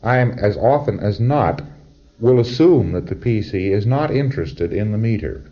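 A man's voice: on the low side, expressive, normal speed, highs cut off. A man giving a conversational, wry lecture to trainees, acting out short exchanges as he goes.

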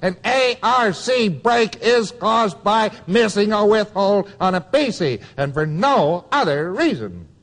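A man's voice: high-pitched, big pitch swings, slow, hardly any pauses, a bit bright, in a large hall. A man giving a taped lecture to students, emphatic and wry, repeating key phrases for weight.

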